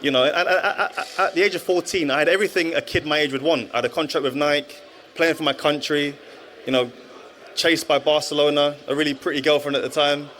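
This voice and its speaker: A bit bright and a little high, with fairly even intonation and a fairly quick pace, this man's voice comes with slight background noise. In his thirties and a former footballer, he is a guest at a live event, earnestly and reflectively telling his story as testimony in a stage interview, with frequent restarts.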